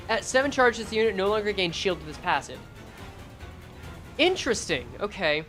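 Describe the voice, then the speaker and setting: A woman's voice: on the high side, fairly bright tone. A woman streaming a game, reading skill text aloud and joking sarcastically with her chat.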